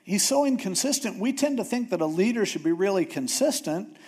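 A man's voice: high voice, lively intonation, brisk, darkish tone, husky. A man preaching a casual sermon in a conversational way, often acting out biblical figures. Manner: conversational, acts out Bible figures.

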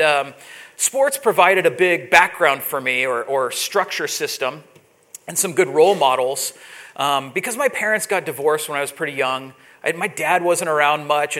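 High bright-voiced guy preaching, storytelling sermon, gets loud and animated. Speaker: pastor.

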